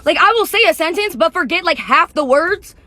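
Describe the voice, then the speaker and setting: A young woman chatting casually to camera, talking very fast in a rambling way. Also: extremely high pitch, lively intonation, pushed and bright, no room sound. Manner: rapid-fire, says she talks fast.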